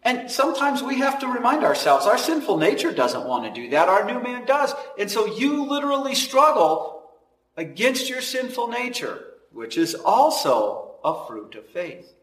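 A man preaching a sermon, swinging between loud emphatic lines and hushed, slow ones. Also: very high-pitched, big pitch swings, roomy sound, far from the mic, poor audio. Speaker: pastor.

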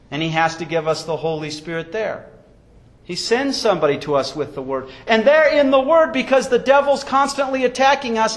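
High-voiced man preaching emphatically. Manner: emphatic preaching with sweeping rises and falls. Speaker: pastor. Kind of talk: sermon.

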